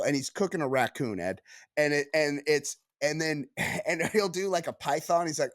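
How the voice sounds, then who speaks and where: A man co-hosting a podcast, reading news aloud and riffing on it in casual comedic banter, full of restarts and quick asides. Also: a little high, no echo, studio quality. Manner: animated, riffing, reads news aloud then jokes; frequent restarts and filler yeahs. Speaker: podcast co-host.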